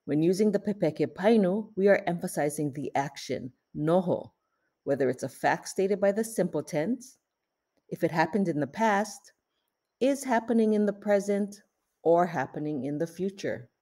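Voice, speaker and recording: Mellow-voiced woman teaching a language lesson. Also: lowish voice, animated, moderate pace. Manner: clear, explanatory, pronounces Hawaiian terms carefully. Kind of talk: scripted video lesson.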